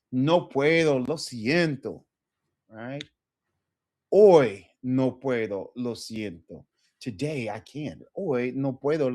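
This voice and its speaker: A man's voice: medium pitch, darkish tone. A middle-aged man teaching an online Spanish lesson, repeating phrases with rising emphasis.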